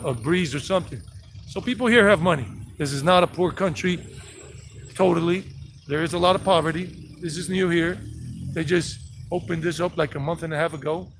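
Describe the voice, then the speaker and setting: On a live-streamed walking tour outdoors along residential streets, a Southern-accented man from South Carolina and Georgia, USA, chats and rambles, greeting viewers by name. His voice is a little high with a gravelly fry, and faint street noise sits behind him.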